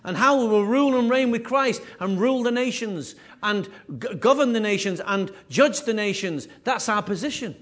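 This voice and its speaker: A man preaching a sermon with emphatic, repetitive phrasing, his voice rising and falling in loudness. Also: high voice, animated, normal speed, few pauses. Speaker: pastor.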